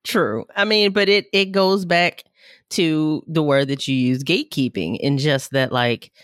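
A woman co-hosting a podcast, talking animatedly with swoops in pitch. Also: a little slow, no room sound, clean studio sound. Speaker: podcast co-host. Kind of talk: casual interview talk.

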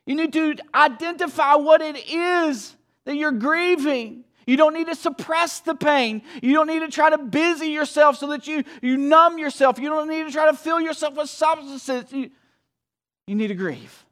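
A man pastor preaching a sermon, swinging between hushed lines and emphatic ones. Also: extremely high pitch, moderate pace.

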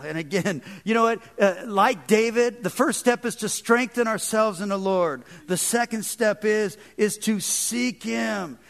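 A man preaching a sermon as pastor, in a conversational way that swings between loud emphatic stretches and soft low passages. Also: normal speed, gravelly, few pauses. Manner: conversational, with frequent "man" and "kind of".

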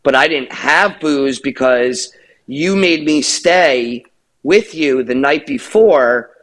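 Slow-talking man telling a rambling story. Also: medium pitch, lively intonation, fairly bright tone. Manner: rambling, profane, laughing storyteller. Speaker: podcast co-host. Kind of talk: casual storytelling.

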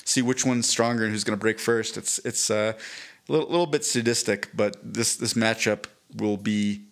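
A man's voice: fairly low pitch, steady tone, normal speed, gravelly. A man co-hosting a podcast, talking in a rambling, casual way, restarting his sentences often and swearing freely. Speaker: podcast co-host. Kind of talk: casual chat.

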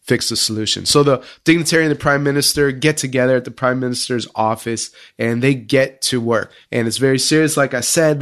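A man guesting on a podcast, telling an animated story in casual interview talk. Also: medium pitch. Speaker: school leadership podcast guest.

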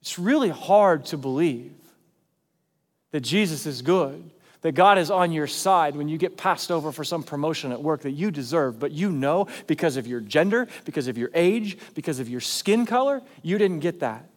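A man's voice: fairly high pitch, animated, normal speed, in a large hall. A male pastor preaching a sermon in a church, talking conversationally and then pressing hard on key points. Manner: conversational, emphatic preaching with big swings in loudness.

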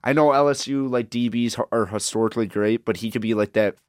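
A man's voice: medium pitch, fast, darkish tone, no room sound, studio quality. A young man co-hosting a casual sports talk show who rambles, repeats words and keeps saying "like". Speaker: co-host.

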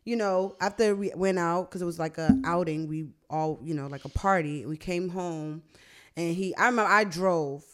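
A woman's voice: on the low side, normal speed. A young woman, a podcast host in casual chat, swearing freely and acting out quotes as she tells stories. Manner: animated storytelling, profane, acts out quotes.

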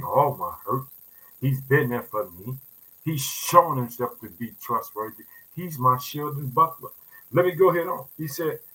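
A man's voice: mid-range voice, husky, low-quality recording. A man preaching a sermon, reading psalm verses aloud and turning to his listeners with repeated asides and informal talk. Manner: repeats "let me tell you something", swings from soft asides to loud scripture reading; calls listeners "family", informal everyday grammar.

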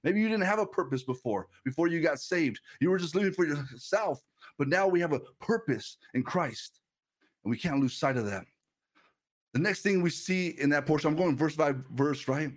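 A man's voice: on the high side, lively intonation, a little fast. Chatty pastor man, frequent restarts. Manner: conversational, repeats words often, tells personal stories. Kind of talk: sermon.

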